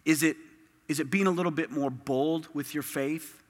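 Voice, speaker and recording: A man's voice: fairly high pitch, normal speed. A man preaching a sermon as pastor, emphatic and impassioned, with lots of repetition. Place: church sanctuary. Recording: long reverb of a large hall.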